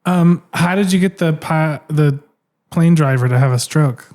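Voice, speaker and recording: A man's voice: a little high, measured pace, a little mellow. A man co-hosting a comedy podcast, spinning playful, rambling improvised stories. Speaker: podcast co-host.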